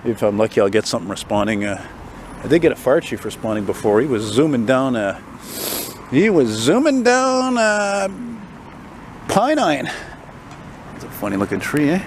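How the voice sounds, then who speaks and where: Filming a walking vlog on a handheld phone, a man who is tired and unwell rants and rambles down a city street. His voice is fairly low and darkish, his pace quick, with slight background noise.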